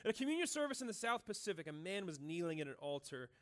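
High-pitched male pastor, casual and earnest sermon in a church, conversational with lots of "like". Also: big pitch swings, quick pace, fairly bright tone. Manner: casual and earnest, filling speech with "like" and "right?".

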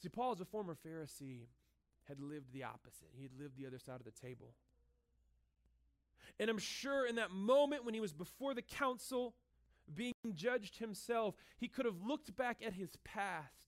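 A male pastor preaching a sermon in a lively, conversational, joking manner, in a room with an audience. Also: sits high. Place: room with cameras and a listening crowd.

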